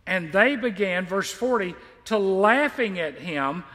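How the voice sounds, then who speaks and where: A male pastor preaching a sermon and reading scripture, by turns emphatic and quietly confiding. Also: sits high, expressive, a little slow, long reverb tail. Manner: emphatic, swells loud on key lines, then drops quiet and confiding.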